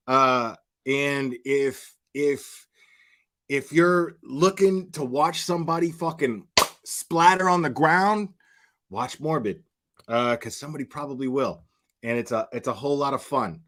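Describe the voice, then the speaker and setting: A man's voice: mid-range voice, a little slow, a bit bright. A man hosting his channel in casual livestream commentary, crude and profane, rambling with repeated restarts. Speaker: channel host.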